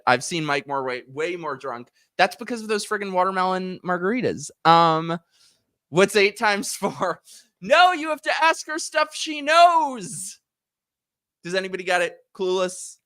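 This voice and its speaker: Animated high-voiced man chatting on stream. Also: no room sound, clean studio sound. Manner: animated, laughing, mimics voices in anecdotes. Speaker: streamer host. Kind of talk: casual live-stream chat.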